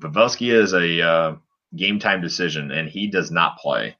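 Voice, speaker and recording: Speaking at a moderate pace, a podcast co-host with a very low, bright and forceful voice recaps a hockey game play by play in casual chat. He rambles with frequent fillers and restarts, and the audio sounds dull and lo-fi.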